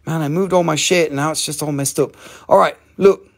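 A man hosting a live crystal sale, talking in an excitable, profane way with sudden jumps in pitch. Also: brisk, vocal fry. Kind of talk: excited live sales chat.

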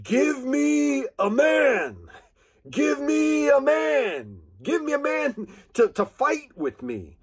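A man shouting as a bellowing giant warrior. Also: extremely high pitch, wildly swooping pitch, pitched above the performer's own voice, heavily acted. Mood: taunting. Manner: shouted, drawn-out taunts.

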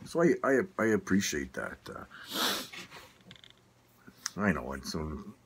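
A man's voice: low-pitched, big pitch swings, takes it slowly, slight background noise. An older man with a Manitoba Canadian accent, rambling through a casual opinion rant, swearing and stumbling over restarts. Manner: rambling, swearing, laughing often, many restarts. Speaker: vlogger.

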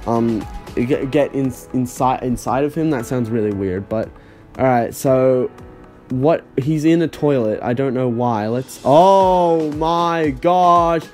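Brief: young male gamer, slow-talking and incredulous, with light game music. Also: medium pitch, mellow. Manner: sarcastic, incredulous reactions. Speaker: gaming YouTuber. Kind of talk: let's play commentary.

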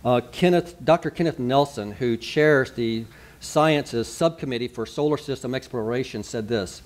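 Pastor preaching conversationally. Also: male voice, mid-range voice, moderate pace. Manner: conversational preaching with asides and rhetorical questions. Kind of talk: sermon.

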